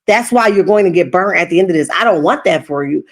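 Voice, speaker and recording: A woman's voice: fairly low pitch, animated, quick pace. A woman hosting a reaction stream, giving casual, emphatic commentary and often ending her points with "okay?". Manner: emphatic, tags lines with "okay?". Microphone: streaming setup.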